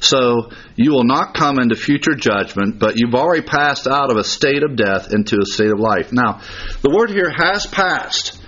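A man's voice: mid-range voice, a bit bright, slight background noise. A man preaching an expository sermon, stressing each point and rattling off verse references one after another. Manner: emphatic, citing verse references rapidly. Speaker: pastor. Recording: dull lo-fi sound.

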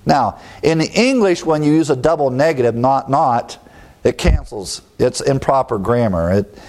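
A man preaching an expository sermon, explaining word meanings with emphatic rises in pitch and brief chuckling asides. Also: animated, normal speed, a little mellow. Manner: emphatic teaching, leaping up in pitch on key words, chuckling asides.

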